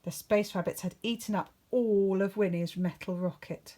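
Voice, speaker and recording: A woman teacher reading a picture book aloud to children, expressive and playful with whispered asides. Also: medium pitch, moderate pace, hardly any pauses. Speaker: primary school teacher.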